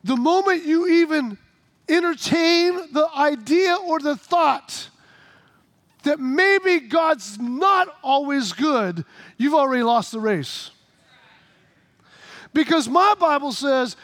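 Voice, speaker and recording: A middle-aged man preaching a sermon as pastor, animated and rising to shouts. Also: very high-pitched, takes it slowly, long pauses, no room sound.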